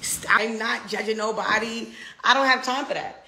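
A woman's voice: fairly high pitch, steady tone, normal speed, gravelly, sharp tone, roomy sound, slight background noise. Brash, profane American woman ranting. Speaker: social media personality. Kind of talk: ranting live video.

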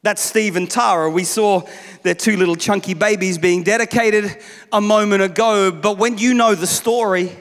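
High-voiced pastor preaching in a hall. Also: male voice, moderate pace. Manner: animated, humorous, acts out voices. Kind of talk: sermon. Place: church stage. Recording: long reverb of a large hall.

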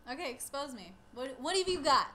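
A woman's voice: sits high, sing-song, fairly quick, sharp tone. A young woman speaking as a stream guest, blunt, frank and teasing. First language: not English. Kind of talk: casual chat.

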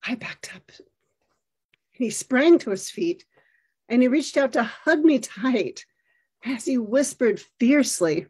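A middle-aged woman telling a personal story about her son in a reflective, measured, descriptive way. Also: fairly high pitch, expressive, a little mellow, husky.

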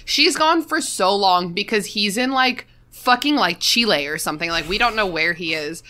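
Young woman podcast co-host; bright, animated chatter, salty language. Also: medium pitch, moderate pace. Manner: animated, laughing, swears freely. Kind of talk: casual podcast chat.

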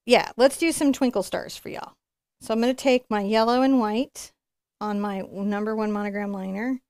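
A woman with a mid-range, slightly mellow voice speaks at a normal pace with fairly even intonation, her tone clear and resonant. She's giving a live painting tutorial, chatting, encouraging, and thinking aloud as she works. The studio-quality recording has no room sound.

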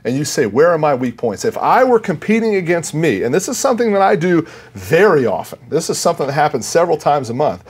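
A man speaking as a sales guest on a business talk show, emphatic and energetic when he explains his sales rules. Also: fairly high pitch, quick pace, few pauses, husky. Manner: energetic, emphatic, self-coaching.

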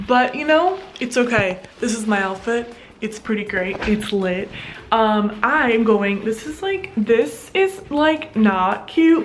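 A young woman vlogging casually with excitable, bubbly energy, sometimes dropping to a whisper in public, recorded on a handheld camera. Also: fairly high pitch. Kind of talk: casual vlog chat. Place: at home, then a craft store. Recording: pop music clearly audible behind.

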